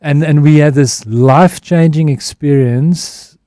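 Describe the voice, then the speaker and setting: A man's voice: a little high, measured pace, mellow, no echo, studio quality. A man speaking as a guest on a radio interview, talking in a reflective, candid way and often restarting his phrases. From South Africa. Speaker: guest, advertising executive. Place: radio studio. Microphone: studio microphone.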